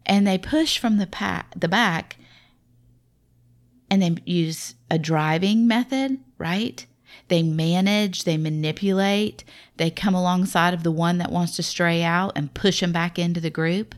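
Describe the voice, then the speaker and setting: Lower-voiced Southern woman giving a homespun devotional. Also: measured pace. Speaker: Christian mother sharing parenting devotional. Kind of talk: casual devotional talk.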